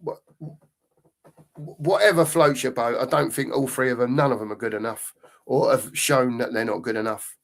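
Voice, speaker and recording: A man's voice: medium pitch, normal speed, creaky. A middle-aged man talks loosely on a live fan stream and drifts between thoughts. He often stops to read out viewer comments, in an easy, rambling way. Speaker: fan channel co-host. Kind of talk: casual live-stream chat.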